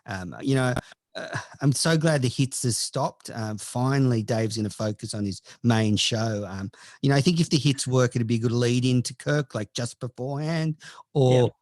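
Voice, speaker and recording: A man's voice: mid-range voice, moderate pace, darkish tone, no echo, clean studio sound. A man hosting a podcast in casual chat, giving mock-serious advice and reading listener questions. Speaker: podcast host.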